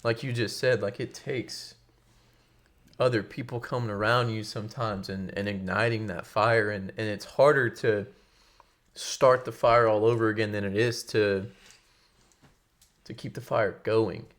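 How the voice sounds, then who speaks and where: A man's voice: on the low side, fairly even intonation, unhurried, fairly bright tone. A young man co-hosting a faith podcast, speaking in an encouraging, slightly preachy way and often repeating himself as he builds a point. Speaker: podcast co-host. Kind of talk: casual faith conversation.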